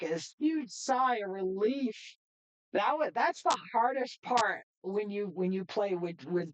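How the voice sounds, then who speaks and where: Excitable woman streaming a game. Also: fairly low pitch, lo-fi sound. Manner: excitable, chatty, laughs often. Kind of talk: live gameplay commentary.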